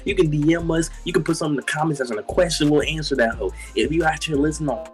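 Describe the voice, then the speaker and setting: A young man co-hosting a podcast, talking in animated, slangy casual chat. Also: on the high side, rapid-fire. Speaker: podcast co-host. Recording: light background music.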